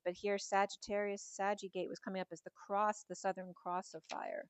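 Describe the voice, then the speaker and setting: A middle-aged woman gives a spiritual tarot reading in a mid-pitched voice, wandering from one number and symbol to the next. Her voice is slightly hoarse, and the recording sounds dry and close. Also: little pitch movement, brisk, hardly any pauses, no echo. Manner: musing, meandering delivery linking numbers and symbols. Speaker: tarot reader.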